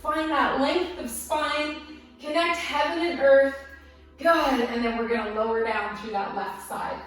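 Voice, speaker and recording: Woman yoga teacher, high voice, gentle encouraging cues, slightly winded, recorded far off in a very echoey room with soft music. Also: measured pace. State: a little out of breath. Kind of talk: guided yoga class instruction.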